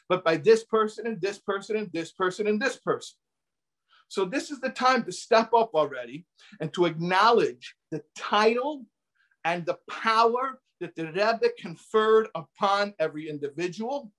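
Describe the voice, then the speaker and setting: A man preaching as a rabbi with a fairly high voice. He talks with passion, repeating key phrases for emphasis and weaving in Hebrew and Yiddish terms. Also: a bit bright. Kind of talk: sermon.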